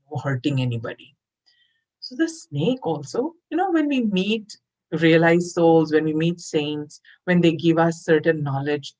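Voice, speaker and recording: A woman telling a moral story in a lively, conversational way, talking straight to her listeners. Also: sits low, rough recording. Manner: animated and conversational, addresses listeners directly. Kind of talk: storytelling for children.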